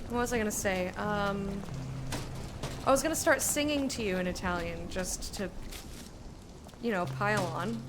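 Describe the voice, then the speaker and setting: A woman's voice: medium pitch, moderate pace, pauses often, noisy background. A young woman casually commenting on her gameplay, chatty, swearing and humming along. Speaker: gamer streamer. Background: game music.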